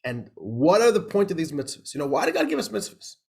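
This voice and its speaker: Chatty rabbi, a bit high-voiced man. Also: huge pitch swings, quick pace, gravelly. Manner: conversational, laughing, lots of "right?" and restarts. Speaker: rabbi teaching a class. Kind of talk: informal class lecture with a joke.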